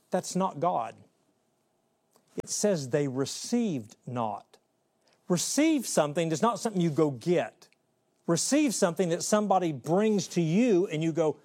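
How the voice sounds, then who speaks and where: Fervent preacher man, fairly high voice. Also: expressive, unhurried. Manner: emphatic, shifts between loud and hushed; acts out little voices of God, Satan and his kids. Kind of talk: sermon.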